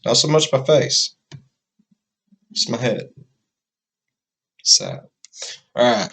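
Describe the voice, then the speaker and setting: A man's voice: mid-range voice, unhurried, a bit bright. A man hosting a reaction video, talking in a casual, rambling way. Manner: rambling and chatty.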